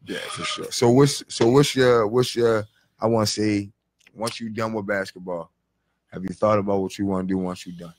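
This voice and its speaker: A young man hosts a casual podcast and interviews a guest. He is relaxed and slangy, and drops in short agreements between his questions. His voice sits fairly low. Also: moderate pace, no echo. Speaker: host.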